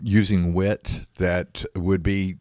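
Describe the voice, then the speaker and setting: Deep-voiced halting man with dry sound. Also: level tone, darkish tone, no echo. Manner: halting, many "uh" pauses, playful. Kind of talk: casual podcast discussion.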